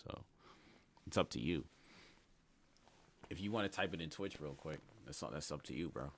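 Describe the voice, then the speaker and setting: A man's voice: a bass voice, lively intonation, normal speed, a little hiss or hum. A man livestreaming and chatting casually with his viewers, talking in slang, rambling and laughing often. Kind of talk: casual stream chat, reading chat aloud.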